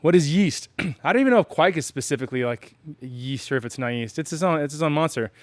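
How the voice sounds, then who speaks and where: A man's voice: fairly high pitch, animated, fast talker, dry recording. A man from the United States hosting a homebrewing channel, explaining casually and rambling with many fillers and self-deprecating asides.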